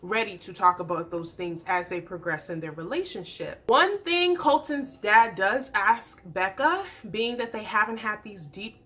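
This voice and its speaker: A young adult woman chatting through a casual TV recap, animated and acting out the people she describes. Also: mid-range voice, unhurried, hardly any pauses. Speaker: YouTube TV recap host.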